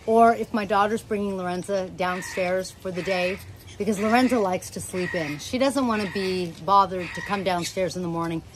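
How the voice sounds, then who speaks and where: With background noise audible, a middle-aged woman speaks in a mid-range voice at a moderate pace, chatting casually to camera about her parrots. At home and affectionate, she rambles and now and then interrupts herself to talk to the birds, being their owner and the channel's host.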